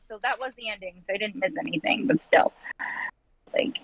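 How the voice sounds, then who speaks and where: A woman's voice: fairly high pitch, lively intonation, fast talker, no echo, low-quality recording. A woman chatting casually on a live stream while she draws, telling stories and acting out her own quoted lines. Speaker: streamer co-host. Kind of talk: casual chat while making art.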